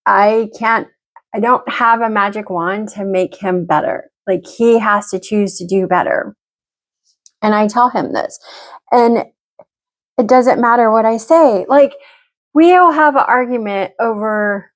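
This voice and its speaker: A woman's voice: medium pitch, measured pace. A middle-aged woman venting frankly and emotionally to camera as she gets ready, swearing freely. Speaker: vlogger. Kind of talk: candid talk to camera while getting ready.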